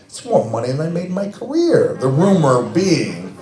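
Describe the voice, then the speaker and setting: A middle-aged man telling animated, self-mocking stories as a guest at a fan Q&A event, laughing often. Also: on the high side, moderate pace. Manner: animated, laughs often, many restarts and fillers. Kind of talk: anecdotal storytelling. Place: event hall with audience. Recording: echoey event hall.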